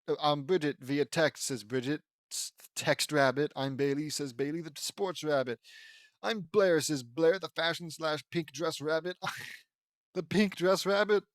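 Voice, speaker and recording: A man's voice: a little high, fairly even intonation, normal speed, no room sound. A man reading a fan-fiction audiobook aloud, stumbling over words and breaking in with sarcastic asides.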